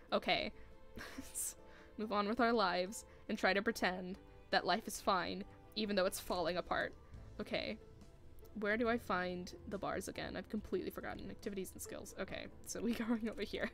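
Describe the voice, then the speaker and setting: A woman's voice: medium pitch, fairly even intonation, normal speed, gravelly, fairly bright tone, soft background music. A woman streaming a building game, scolding the furniture in exasperation and laughing often between complaints. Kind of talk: live gameplay commentary.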